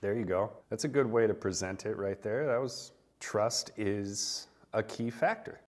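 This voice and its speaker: A man's voice: on the low side, measured pace. A man hosting a casual reaction video, talking loosely about what he watches, swearing freely and laughing often. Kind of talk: casual unedited TV reaction commentary.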